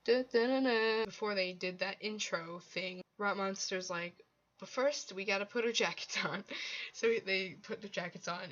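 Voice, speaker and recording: A young woman chats excitedly through a concert recap, her voice bright and forward, words tumbling out with fillers and restarts. The recording sounds a little dull and lo-fi, like a home vlog. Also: lowish voice. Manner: gushing, rambling, many fillers and restarts. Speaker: vlogger.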